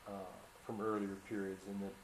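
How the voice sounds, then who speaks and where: A man with a lowish voice asks thoughtful, leading questions, musing through his points before handing the floor over. He sounds like he is in an echoey room, with a faint hiss underneath. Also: monotone, a little fast. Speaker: interviewer, economist. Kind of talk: oral history interview.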